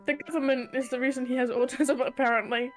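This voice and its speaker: A woman's voice: sits high, soft background music. A young British woman hosting a stream, reading posts aloud and chatting casually, swearing freely. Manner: swears a lot, talks fast when excited. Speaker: streamer host.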